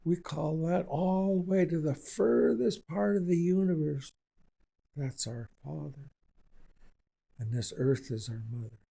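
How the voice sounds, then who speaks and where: Older guy, an elder, slow and gravelly, tells stories over and over with conviction, dark husky voice. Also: a little high, low-quality recording. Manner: unhurried and repetitive, speaking with conviction. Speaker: Indigenous elder, guest. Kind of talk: slow storytelling in conversation.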